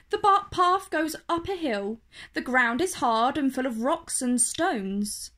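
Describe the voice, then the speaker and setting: A woman reads a children's picture book aloud at a slow, careful pace. Her voice is bright and sits a little high. The telling is clear and expressive, made for young listeners. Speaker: storyteller.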